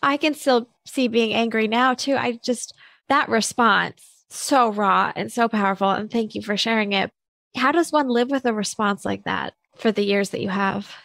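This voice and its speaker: A woman podcast host asking gentle, empathetic questions in a soft voice. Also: a little high, normal speed, gravelly, dry recording. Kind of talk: interview.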